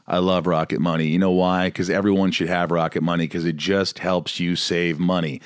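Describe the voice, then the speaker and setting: A man's voice: deep voice, level tone, moderate pace, clean tone, no room sound, clean studio sound. A man hosting a podcast, reading a sponsor message in a chatty, upbeat, conversational way. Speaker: podcast host. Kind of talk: casual sponsor read.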